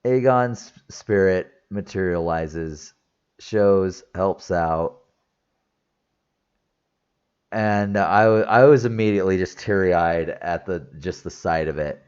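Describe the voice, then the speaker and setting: A man's voice: low-pitched, takes it slowly, a little mellow, clean tone, lo-fi sound. A man casually recapping a film in a rambling review, teary-eyed and emotional. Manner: rambling, emotional, with fillers and restarts. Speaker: movie reviewer.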